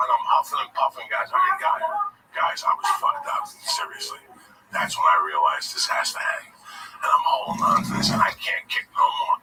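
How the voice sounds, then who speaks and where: A man's voice: fairly high pitch, creaky. A man telling a long personal story in casual, profane speech, often calling his listener by name. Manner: profane, animated, keeps addressing the listener by name. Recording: distant mic with faint background noise.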